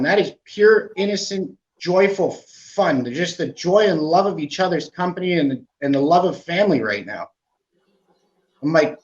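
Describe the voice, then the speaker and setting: A man's voice: fairly high pitch, normal speed. Canadian man telling his story, muffled. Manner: animated, with frequent "right?" asides. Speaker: podcast guest. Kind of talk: candid storytelling. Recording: muffled lo-fi audio.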